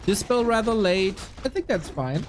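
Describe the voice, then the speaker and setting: A young man calling a strategy game live, his pitch jumping around animatedly as he shifts between play-by-play and friendly chat with his viewers. He talks casually and reacts on the fly, greeting people in chat mid-sentence. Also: moderate pace, slight background noise. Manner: lively, chatty, reacts to viewers mid-commentary. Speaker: esports caster and streamer.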